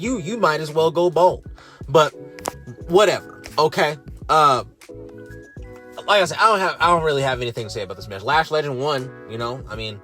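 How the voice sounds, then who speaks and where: A young man ranting sarcastically through a wrestling show review, swearing freely and pitching his voice up in disbelief. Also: a bit bright. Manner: profane, sarcastic, exasperated, voice rising in disbelief.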